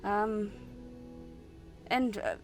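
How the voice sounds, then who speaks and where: A woman's voice: mid-range voice, fairly even intonation, extremely slow, faint music behind. A woman voicing an eccentric elderly male turtle shopkeeper who rambles a little and gets a bit defensive about being called the town crank. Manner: rambling, slightly defensive, talks of himself as the town kook.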